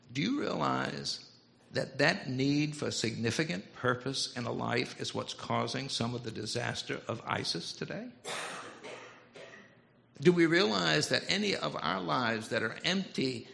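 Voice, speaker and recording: An older preacher, his voice heavy with gravelly fry yet bright and forceful on top. He preaches in a church in a folksy, storytelling way, easing into humor between points. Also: mid-range voice. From Louisiana Cajun. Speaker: pastor. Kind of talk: storytelling sermon. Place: church sanctuary.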